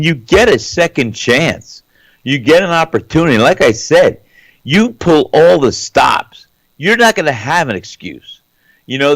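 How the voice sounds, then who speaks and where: A man's voice: fairly high pitch, creaky, no echo, low-quality recording. A man co-hosting a boxing podcast, making emphatic points and repeating himself. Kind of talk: casual chat.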